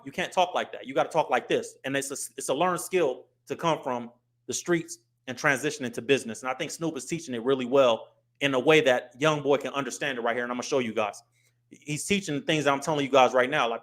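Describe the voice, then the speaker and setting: A man's voice: medium pitch, fast talker. A middle-aged American man hosting his own show, talking casually to camera and acting out voices to make his points. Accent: US English. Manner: animated, acts out street and business voices. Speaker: host.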